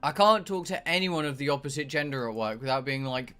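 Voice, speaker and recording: A man's voice: medium pitch, animated, brisk, bright, forceful tone, smooth. A young man, chatting casually and ranting with exasperation while he streams a game. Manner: ranting, exasperated, swears a lot. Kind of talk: casual chat while gaming.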